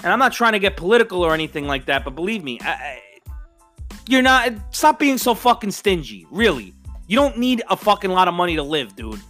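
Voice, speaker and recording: A man's voice: sits high, sing-song, fairly quick, pushed and bright, soft background music. A middle-aged man, ranting as a sports fan, profane and emphatic, stumbling over restarts. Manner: profane, fired-up, emphatic with repeated stammering restarts. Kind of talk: heated solo rant.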